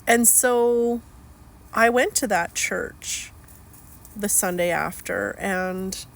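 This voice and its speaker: A middle-aged woman speaking candidly in a personal video, slow and searching, rambling with fillers. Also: medium pitch, gravelly, slight background noise. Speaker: healing coach.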